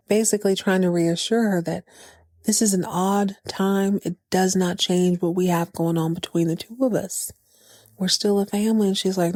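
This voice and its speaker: A woman's voice: medium pitch, steady tone, normal speed, dark tone, dry recording, clean studio sound. A woman hosting a podcast, recapping a TV episode in a casual, playful way with slangy jokes and asides. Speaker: podcast host.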